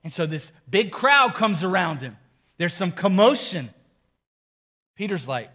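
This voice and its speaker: A pastor preaching a sermon, telling the story in a casual, animated way with emphatic repetition. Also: male voice, sits high, unhurried, long pauses.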